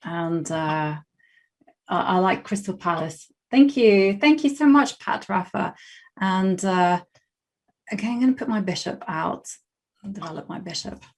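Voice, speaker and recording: Young west london english woman streaming chess, chatty, laughs a lot, thinks out loud. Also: mid-range voice, expressive, unhurried. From England. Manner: chatty, laughs often, thinks aloud with restarts. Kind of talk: casual live-stream chat while playing chess.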